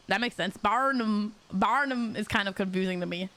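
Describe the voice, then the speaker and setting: A woman streamer giving excitable, giggly commentary while playing a story game. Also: medium pitch, unhurried. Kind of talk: game let's play commentary.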